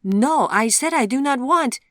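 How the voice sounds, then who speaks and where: A woman voicing a proper, skeptical young gentleman in an audiobook, speaking politely but dismissively in formal phrases. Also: on the high side, brisk, dry recording, studio quality. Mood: upset. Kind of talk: audiobook character voice.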